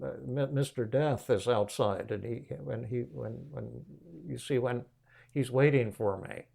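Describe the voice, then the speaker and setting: A man's voice: mid-range voice, measured pace, creaky, dark tone. A man voicing a frightened elderly woman who refuses to leave her apartment, with a stubborn, fearful way of talking.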